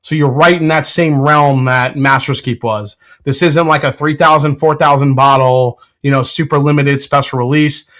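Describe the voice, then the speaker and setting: A man's voice: mid-range voice, fairly even intonation, moderate pace, few pauses, a bit bright. A man hosting a casual live stream from his home whiskey room, laughing often, swearing freely and answering chat. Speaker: whiskey show host.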